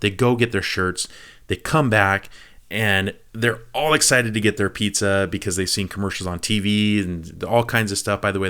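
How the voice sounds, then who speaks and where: A man giving a casual movie review, retelling the plot in an animated way with quick asides to the viewer. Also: on the low side. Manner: animated storytelling, quick asides to the viewer, acts out quoted lines.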